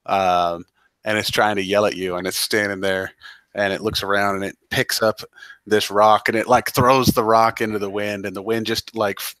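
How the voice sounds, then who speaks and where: Male game master, low voice, dry recording, rambling casual narration. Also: flat delivery, normal speed, fairly bright tone, no room sound. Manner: rambling, run-on narration with many fillers.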